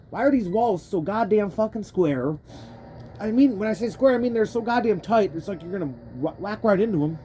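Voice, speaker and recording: A young woman with a mellow, mid-range, expressive voice talks fairly quickly as she plays a racing game for let's play commentary. Frustrated, she rants and rambles with lots of swearing, often cutting herself off mid-sentence. Faint game music plays behind her.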